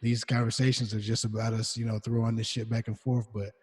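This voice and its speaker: A man co-hosting a casual podcast, telling stories in a relaxed way with many fillers and restarts. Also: medium pitch, quick pace, breathy edge. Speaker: podcast co-host. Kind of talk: casual chat. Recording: long reverberant echo.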